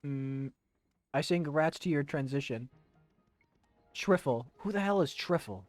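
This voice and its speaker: A man's voice: a little high, expressive, unhurried, dry recording, soft background music. A young man chatting loosely while playing a video game on stream, joking and rambling. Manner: rambling and jokey, breaking into silly voices. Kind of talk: casual let's-play commentary.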